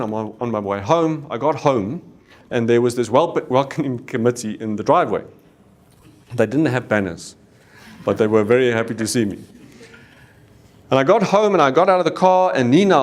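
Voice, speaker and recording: A middle-aged South African man, a company CEO, candidly telling a personal story to staff and acting out the dialogue. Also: medium pitch. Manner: candid storyteller, acts out dialogue, Afrikaans exclamations. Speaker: company CEO giving a talk.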